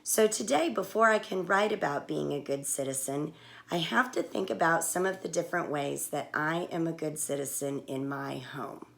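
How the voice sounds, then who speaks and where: A woman with a low-pitched, slightly bright voice teaches young children a writing lesson, speaking slowly and patiently with clear words.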